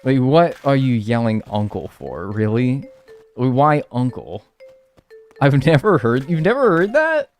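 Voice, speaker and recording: A man from North America talks his way through a live gameplay session in a loose, rambling, joking way. His voice swings widely in pitch and breaks into sudden loud yelps. Faint game music plays beneath him. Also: big pitch swings, unhurried. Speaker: streamer playing a life-sim game. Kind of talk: casual live gameplay commentary.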